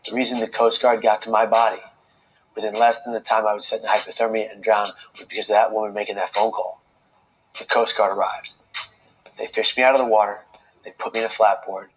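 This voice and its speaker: A man telling his own life story as a speaker, earnest and slow, with dramatic pauses. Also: fairly low pitch, level tone, rough recording. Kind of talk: emotional personal storytelling speech.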